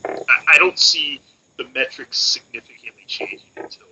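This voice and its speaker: A man co-hosting a casual motorsports podcast, speaking haltingly with many restarts. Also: fairly high pitch, sharp tone. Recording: dull lo-fi audio with faint hiss.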